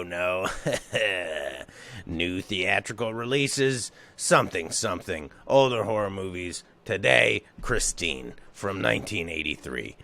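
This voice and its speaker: A man's voice: low-pitched, gravelly, pushed and bright. A man hosting a horror film podcast, jokey and rambling, chatting casually and putting on silly voices now and then. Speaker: podcast host.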